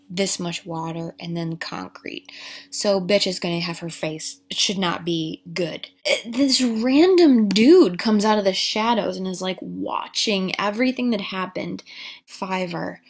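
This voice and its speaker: A woman giving a crude, sarcastic comedic recap of a movie, rambling with asides. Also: mid-range voice.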